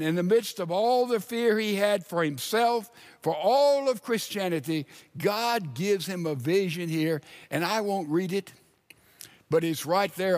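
An older man preaching a sermon, dramatic, sometimes dropping to a hushed voice when quoting scripture. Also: high voice. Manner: dramatic preaching, drops to a hush for quoted scripture. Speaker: pastor.

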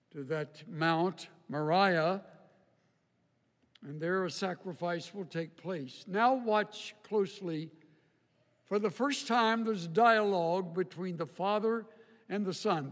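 A man preaching a sermon, emphatic, swinging from loud stressed peaks down to low, slow phrases. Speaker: pastor. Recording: long hall reverb.

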